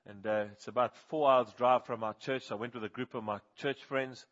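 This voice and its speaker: A man preaching a sermon, firing questions at the congregation and swinging between hushed and loud passages. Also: medium pitch, steady tone, normal speed, muffled recording.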